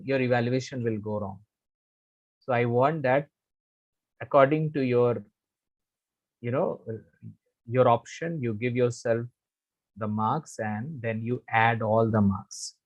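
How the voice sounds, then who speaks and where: A middle-aged man with an Indian English accent, teaching a live online communication class and repeating his key phrases, slipping into Hindi at times. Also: on the high side. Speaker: communication trainer.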